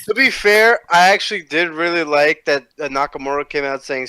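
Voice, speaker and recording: A man's voice: fairly high pitch, a little fast, hardly any pauses, sharp tone, clear, resonant tone, dry recording. A man on a casual wrestling podcast, talking bluntly and with heavy swearing. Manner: blunt, profane, emphatic.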